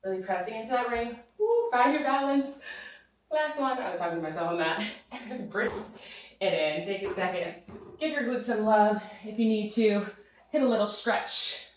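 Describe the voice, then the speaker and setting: A woman's voice: fairly high pitch, a bit bright. A woman out of breath, leading a follow-along Pilates class with encouraging cues and counted reps. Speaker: Pilates instructor. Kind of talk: follow-along workout cueing. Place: studio with reformer machine. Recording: roomy echo, mic at a distance.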